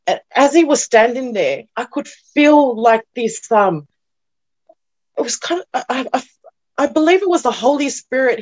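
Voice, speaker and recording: A young woman giving an emotional personal testimony as an interview guest, earnest and halting, often repeating herself, at times near tears. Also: fairly high pitch, darkish tone. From New Zealand.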